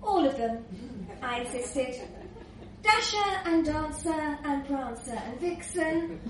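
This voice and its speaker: A woman reading a comic story aloud in a dry, measured lawyerly manner. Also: sits high. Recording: echoey room, distant mic, faint hiss.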